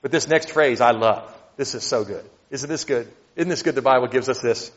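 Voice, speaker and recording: A man preaching a sermon, reading scripture aloud and explaining it with animated emphasis that sometimes builds to near shouting. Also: mid-range voice, fairly quick. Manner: animated, rising to near shouts at emotional peaks. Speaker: pastor. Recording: dull audio in a hall with long reverb.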